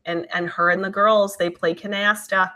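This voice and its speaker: A woman hosting her channel, chatting casually and reading out viewer comments in a lively, talkative way. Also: medium pitch, moderate pace. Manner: chatty, animated, many fillers. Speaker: channel host.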